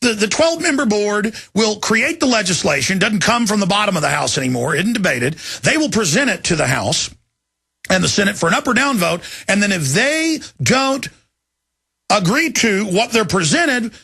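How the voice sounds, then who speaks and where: A man's voice: high voice, big pitch swings, moderate pace, gravelly, bright, forceful tone, slightly rough. A middle-aged man hosting a talk radio show, emotional and alarmed as he reads news quotes aloud. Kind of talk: agitated talk radio monologue.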